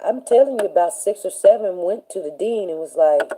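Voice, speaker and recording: A woman's voice: medium pitch, animated, fairly quick, few pauses, dark tone, slight background noise, low-quality recording. A woman hosting a show, telling a long personal story in a rambling, casual way and acting out the people she quotes. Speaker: show host.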